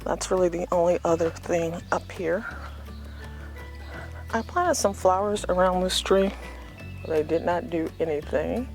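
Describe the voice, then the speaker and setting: A woman's voice: fairly low pitch, measured pace, pauses often, soft background music. Chatty woman rambling through a garden tour. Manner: chatty, rambling, self-deprecating asides. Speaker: home gardener giving a yard tour. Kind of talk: casual unscripted garden tour. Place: outdoors in a front yard garden.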